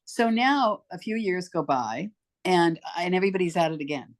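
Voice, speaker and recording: A woman in her eighties, a podcast guest, telling stories in a relaxed, animated way and acting out the voices of the people she quotes. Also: on the low side, fairly quick. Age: 80s. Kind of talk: casual storytelling interview. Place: home.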